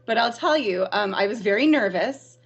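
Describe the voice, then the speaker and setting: A woman from Arizona, a teacher, telling stories in a podcast interview, lively and often laughing. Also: mid-range voice, moderate pace, slightly rough. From Arizona, USA. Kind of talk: storytelling in an interview.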